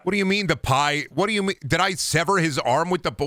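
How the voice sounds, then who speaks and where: A young man giving loose, joking commentary while he plays a video game, rambling and swinging between loud outbursts and low mutters. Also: quick pace, no room sound, studio quality. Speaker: gaming streamer. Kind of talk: casual gameplay commentary.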